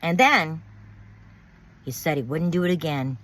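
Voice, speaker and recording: A deep-voiced woman speaks animatedly at a measured pace in a personal storytelling monologue about being betrayed. She's bitter and emphatic, repeating words and cursing.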